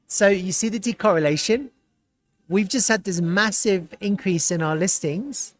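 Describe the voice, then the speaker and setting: A man hosting a live stream, chatting casually and reacting with excitement and frequent laughter as he browses. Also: high voice, moderate pace. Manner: excitable, laughs often, thinks aloud while browsing. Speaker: livestream host.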